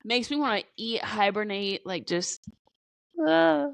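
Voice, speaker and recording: A woman's voice: mid-range voice, lively intonation, a little slow, vocal fry, clean tone, no echo. A woman co-hosting a podcast in casual chat, rambling and swearing freely with lots of fillers. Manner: rambling, profane, peppered with "like". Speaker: podcast co-host.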